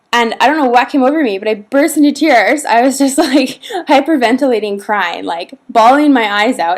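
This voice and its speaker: A young pregnant woman from Canada chatting casually to the camera in a vlog, rambling with lots of fillers and frequent laughs. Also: medium pitch. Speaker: vlogger.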